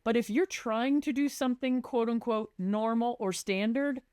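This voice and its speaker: A woman's voice: fairly high pitch, normal speed, a little mellow, smooth, no echo, clean studio sound. A woman who works as a residential designer, chatting on a podcast and animatedly acting out conversations with clients.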